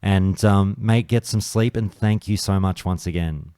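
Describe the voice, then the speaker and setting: A man's voice: low-pitched, unhurried, smooth, dry recording, clean studio sound. A man hosting a podcast interview, chatty and friendly, often calling his guest "mate". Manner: warm, chatty, says "mate" a lot. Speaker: podcast host. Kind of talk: casual interview chat. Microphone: streaming mic.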